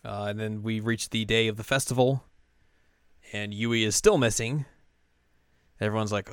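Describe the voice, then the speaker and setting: A man's voice: fairly low pitch, steady tone, normal speed, fairly bright tone, clean tone, no room sound, studio quality. A man chatting casually as a podcast co-host, retelling a story animatedly and raising his voice for the characters he quotes. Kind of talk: casual chat recapping an anime.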